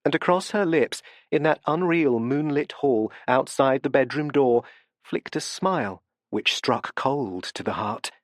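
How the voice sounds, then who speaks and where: Man, audiobook narrator, measured, expressive, animated intonation. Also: mid-range voice, no echo, studio quality. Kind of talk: scripted narration.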